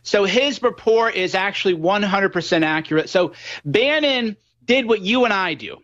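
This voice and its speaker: High-voiced man guest on muffled line. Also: normal speed. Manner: animated storytelling, acts out quoted voices. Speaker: guest commentator. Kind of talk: political talk show discussion.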